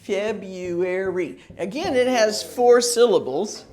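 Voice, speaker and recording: Brief: slow, patient American woman teacher, lowish voice, repeats words. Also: animated. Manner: patient, repeats words slowly, laughs easily. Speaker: English pronunciation teacher. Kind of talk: pronunciation lesson, casual explaining.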